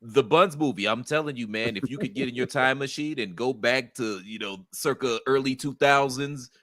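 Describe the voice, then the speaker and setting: Low-ish bright voice guy, dry close mic, wry podcast cohost, slows down for drama. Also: dry recording. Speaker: co-host. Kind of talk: casual podcast chat.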